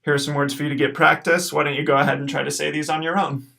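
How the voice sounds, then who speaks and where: A man teaching a recorded language lesson, patiently explaining and slowly repeating each word. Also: fairly high pitch, flat delivery, gravelly, bright, forceful tone. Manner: patient, encouraging, slows to repeat words. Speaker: Latin teacher.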